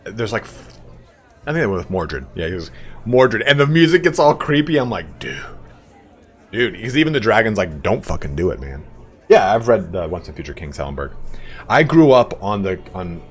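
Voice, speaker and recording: A man's voice: on the low side, big pitch swings, normal speed, slightly rough. A young man from Southern California, chatting casually and rambling while he streams a game, swearing freely. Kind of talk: casual live gameplay stream chat.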